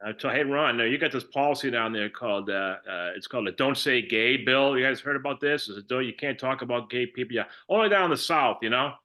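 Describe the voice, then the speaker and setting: An older comedian with a Boston accent works through a stand-up set in a bright, forceful voice. He delivers deadpan one-liners, stalling on ums and restarting his sentences. His pitch sits in an ordinary male middle range. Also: fast, few pauses. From Massachusetts. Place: online comedy show.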